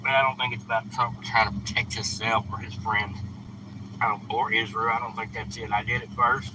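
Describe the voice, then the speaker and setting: In this casual live stream, a man sits in his truck by the street handing out food, his manner blunt, plain and occasionally scolding. His voice is on the low side with little pitch movement, and he talks a little fast. Outside traffic, cars and street noise can be heard throughout.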